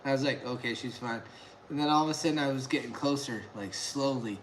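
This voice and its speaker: A man chatting casually on a live stream at home, excitable and rambling, laughing often. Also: medium pitch, quick pace, slight background noise. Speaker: beer review vlogger.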